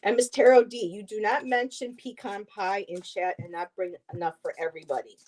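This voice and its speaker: A tarot reader co-hosting a livestream chats warmly with viewers, reading card text aloud and tossing in casual asides. Her mid-range voice moves fairly quickly with fairly even intonation.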